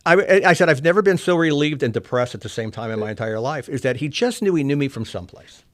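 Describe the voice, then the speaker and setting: A middle-aged man from Oklahoma telling a candid personal story, soft-spoken and reflective, often trailing off quietly. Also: a little high, expressive, fast. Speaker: interview guest.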